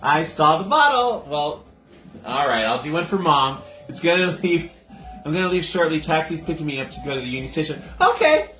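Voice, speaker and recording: A chatty man hosts a home cocktail livestream, talking straight to his viewers and laughing easily. His fairly high voice swings up and down a lot as he goes. The room is echoey, with faint music playing behind him. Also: expressive, fairly quick. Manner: chatty, laughs often, greets viewers warmly. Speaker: host of a livestream cocktail show. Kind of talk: casual livestream chat with viewers. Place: home kitchen.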